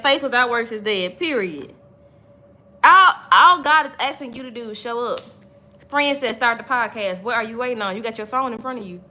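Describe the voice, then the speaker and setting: A woman's voice: fairly high pitch, pushed and bright, slight background noise. A woman hosting a motivational livestream from home, encouraging viewers, laughing often and reading their comments aloud. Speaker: livestream host.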